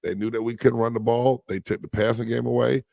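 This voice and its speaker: A male podcast co-host who defends his football team with emphatic, argumentative energy. His voice sits in a middle pitch range. The sound is dry and close to the mic. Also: steady tone, a little fast, vocal fry, darkish tone, no echo. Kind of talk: casual sports debate.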